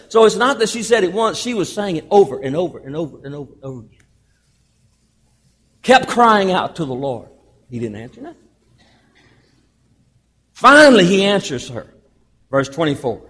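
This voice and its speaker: A man preaching from the pulpit in a high voice that rises and falls widely. He stresses key words loudly, then drops to a hush and draws the phrase out. His delivery is emphatic and animated throughout the sermon. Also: big-room sound. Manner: emphatic preaching, calls the congregation "beloved"; swings between loud emphasis and hushed, drawn-out phrases. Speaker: pastor.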